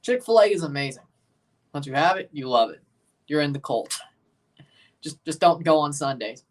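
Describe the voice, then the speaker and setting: Here a Southern-accented host from Mississippi, US, speaks at a normal speed with a fairly high, expressive voice. It's casual watchalong chat on a livestream, where he responds to what viewers write.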